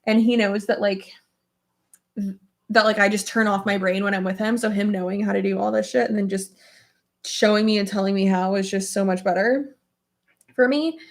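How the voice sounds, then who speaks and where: A young woman speaks in a mid-range voice with fairly even intonation and normal speed, chatting through a get-ready-with-me makeup session at home. The beauty vlogger's talk circles through fillers and casual swearing; she's emotional and candid, laughing a lot and sometimes tearful.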